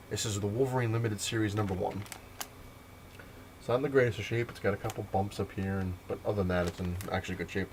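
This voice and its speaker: A man tells a story straight to camera, piling on fillers as he rambles along. His voice sits low and he talks at a brisk clip. A faint hiss runs under the recording. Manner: rambling, filler-heavy retelling. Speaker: comic collector vlogger.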